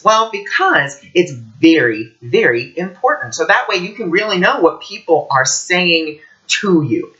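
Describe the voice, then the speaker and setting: A man talks through a casual teaching vlog with a bright, forceful tone. His pitch swings widely as he tells his stories with animation. The recording sounds dull and lo-fi. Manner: animated storytelling. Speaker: intuitive teacher and author.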